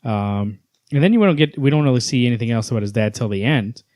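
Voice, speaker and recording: A man's voice: medium pitch, fast talker, darkish tone, no echo. A man co-hosting a casual podcast, talking enthusiastically and retelling scenes with quoted lines. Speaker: podcast co-host. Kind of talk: casual comic book chat.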